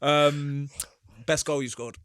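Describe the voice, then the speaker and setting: A man's voice: fairly high pitch, fairly even intonation, fairly bright tone, dry recording, studio quality. Chatty male podcast host. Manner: chatty, quick agreeing interjections. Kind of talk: casual chat, asking questions.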